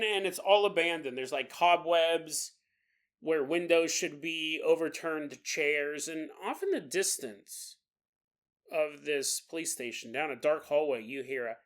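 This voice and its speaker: Lively, bright-voiced male podcast host. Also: a little high, slow. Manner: jokey, acts out characters, laughs often. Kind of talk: casual storytelling monologue.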